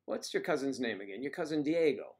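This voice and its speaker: A man's voice: medium pitch, lively intonation, brisk, a little mellow. A man hosting a casual livestream, rambling and joking as he answers viewers' comments. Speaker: livestream host.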